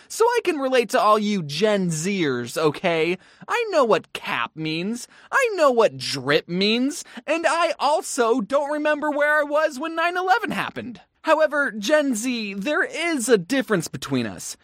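A creator in their twenties narrates a scripted video with wry self-mockery and playful asides, in a medium-pitched, very animated voice. The pace is measured with few pauses, and the sound is a bit bright, clean and studio-quality with no room sound.

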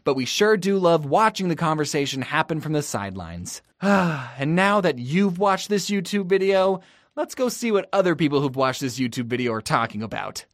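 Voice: mid-range voice, big pitch swings, normal speed, dry recording, studio quality. A creator in their twenties narrating a scripted video in a wry, self-mocking way, with playful asides. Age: 20s. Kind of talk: casual scripted commentary.

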